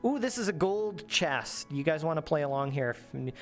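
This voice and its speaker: A man's voice: fairly high pitch, lively intonation, normal speed, hardly any pauses, faint music behind. A man streaming casually, joking around with friends on a desk microphone. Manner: playful, jumps into silly voices.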